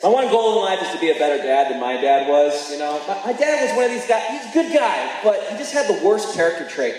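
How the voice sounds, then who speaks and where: A man's voice: sits high, big pitch swings, fast talker, darkish tone, faint music behind. Man telling stories onstage in an echoey hall. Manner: storytelling, acting out his dad and coach. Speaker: stand-up comic. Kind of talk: stand-up bit. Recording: echoey hall with faint noise.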